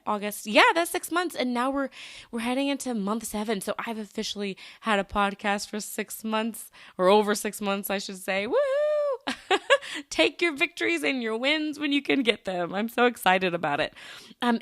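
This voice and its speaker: A bubbly young woman hosts her solo podcast, chatting casually and laughing often as she talks. Her voice sits at an ordinary pitch for a woman. It is recorded close and dry, with no room sound around it. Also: fairly bright tone, no echo. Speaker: podcast host.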